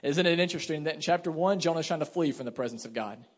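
A man in his thirties preaching a sermon as pastor, telling family stories with lively asides and fillers. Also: on the high side, quick pace. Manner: animated storytelling with asides and fillers. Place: church sanctuary. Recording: hall reverb.

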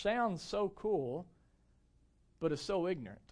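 A man in his thirties preaching a conversational, animated sermon to a church gathering. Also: high voice, moderate pace. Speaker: pastor.

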